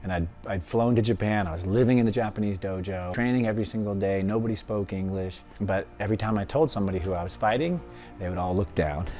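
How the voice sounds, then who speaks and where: A man, a former fighter, telling his life story in an interview, lively and often laughing as he acts out what others said. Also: fairly low pitch, quick pace, faint music behind.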